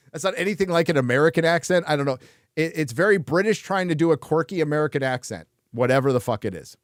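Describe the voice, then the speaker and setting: A man's voice: fairly high pitch, lively intonation, fast talker, no room sound, clean studio sound. Blunt, swearing man hosting a chat show. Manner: blunt, swears often, laughs between remarks. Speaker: host. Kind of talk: casual chat on a live show.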